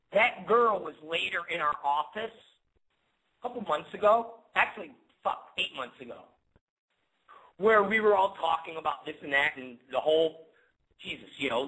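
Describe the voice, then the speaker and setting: A man's voice: a little high, bright, forceful tone, slightly rough, rough recording. A man hosting a webcast, telling a story in a rambling, profane rant full of repeats and restarts. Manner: rambling, repetitive, swears often, stumbles over words. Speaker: webcast host.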